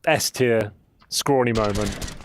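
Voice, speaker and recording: Brief: male esports caster, mid-pitched, excitable, game gunfire clearly audible behind. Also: slow pace, a little hiss or hum. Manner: excitable, rising to loud calls on action. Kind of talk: live esports commentary.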